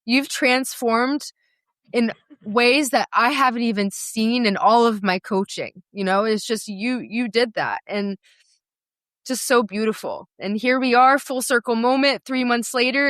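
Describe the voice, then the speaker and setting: A woman's voice: on the high side, unhurried, fairly bright tone, no echo, studio quality. A young woman hosting a podcast as a sales coach, gushing and emotional as she affirms her guest.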